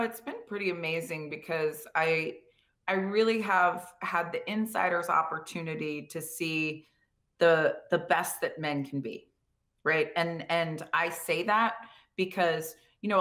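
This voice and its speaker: Woman, former football coach, slightly low voice, animated storytelling, video call. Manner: animated storytelling, acts out quoted voices, many fillers. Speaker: guest speaker, former pro football coach. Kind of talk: conversational interview answer.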